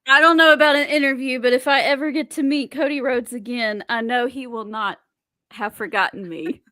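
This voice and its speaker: A woman co-hosting a casual chat, chatty and quick to laugh. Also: sits high, sharp tone, dry recording. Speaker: podcast co-host.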